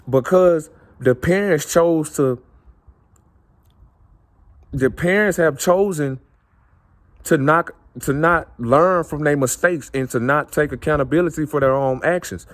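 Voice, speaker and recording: A man speaking in an earnest, impassioned monologue, circling back and repeating his phrases. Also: fairly high pitch. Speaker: vlogger.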